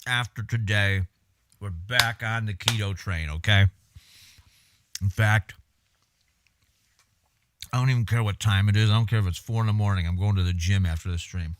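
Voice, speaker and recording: A man's voice: lowish voice, fairly even intonation, normal speed, long pauses, a bit bright. A man chatting casually on a livestream, laid-back and swearing freely while he eats.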